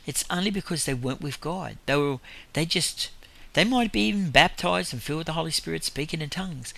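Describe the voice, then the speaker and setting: A man's voice: fairly high pitch, lively intonation, a little fast, creaky, pushed and bright. A man preaching in an informal testimony style, telling rambling stories with frequent chuckles.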